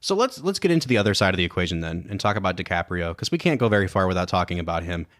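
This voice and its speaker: A man's voice: low voice, sing-song, very fast, a bit bright. A man co-hosting a film podcast, talking through movie scenes with analytical enthusiasm in casual chat. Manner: enthusiastic, analytical, quotes scenes in put-on voices. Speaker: podcast co-host.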